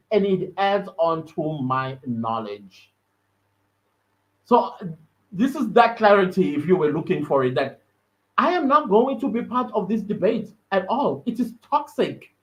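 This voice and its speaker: A South African man hosting a podcast, giving an earnest, emphatic solo commentary that repeats words for stress. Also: sits high. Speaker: podcast host. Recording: slightly dull lo-fi audio.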